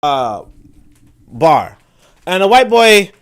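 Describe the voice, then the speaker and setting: Brooklyn man hosting a livestream, high-pitched, emphatic, repeats phrases for weight. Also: big pitch swings, extremely slow, a bit bright. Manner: emphatic, repeats words when building a point; reads viewer comments aloud. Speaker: livestream host. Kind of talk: casual livestream commentary.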